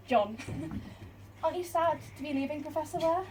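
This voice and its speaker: A woman's voice: high voice, measured pace, darkish tone, a little hiss or hum. A woman on stage playing a nervous, eager young writing assistant who talks hesitantly with giggles. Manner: hesitant, giggly, breathy asides. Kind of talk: live stage musical comedy acting. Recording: distant live stage mic with audience and music.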